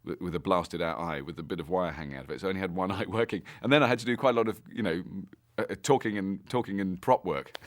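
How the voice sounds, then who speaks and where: A man in an interview remembering a film shoot in an animated way, with laughing asides. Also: sits low, quick pace, hardly any pauses. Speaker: actor interviewee. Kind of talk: interview reminiscing.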